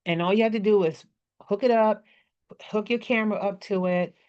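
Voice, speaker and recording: A woman's voice: medium pitch, fairly even intonation, moderate pace, a little mellow. A woman with a slight country twang teaching speaking skills in a casual, coaching way, often checking in with her listeners. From Maryland area. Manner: chatty, coaching, checks in with "okay? right?". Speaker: business speaking presenter. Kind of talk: casual workshop talk. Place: indoors at a computer. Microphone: desk microphone with webcam. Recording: dull lo-fi sound.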